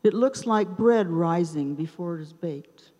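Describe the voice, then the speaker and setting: A woman in her seventies telling a personal story at an open mic night in a theater, taking her time with dramatic pauses between short phrases. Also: on the low side, animated, warm tone, muffled recording. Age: 70s. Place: theater stage. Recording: reverberant live theater sound.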